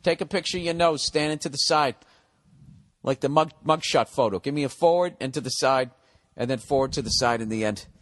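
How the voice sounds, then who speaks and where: A man's voice: medium pitch, fairly quick. A man hosting a solo podcast, rambling through blunt, profane rants. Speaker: podcast host.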